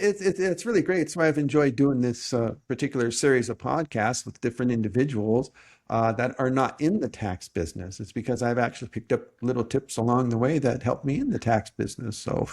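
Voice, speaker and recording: Podcast host, man, mid-pitched, measured explainer who restarts his sentences. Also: a little mellow. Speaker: tax resolution agent and podcast host. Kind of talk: conversational podcast interview.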